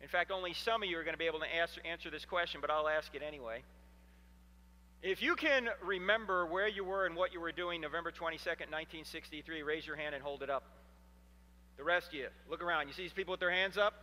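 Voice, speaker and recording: A man in his fifties giving an animated, humorous storytelling lecture to a live audience in a hall. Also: on the high side, quick pace. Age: 50s. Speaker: Christian apologetics speaker.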